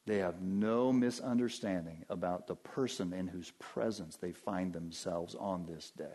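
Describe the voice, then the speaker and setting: A man preaching a sermon as pastor, emphatic and addressing his congregation directly, his delivery swinging from low and quiet to loud and high. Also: measured pace, slightly rough.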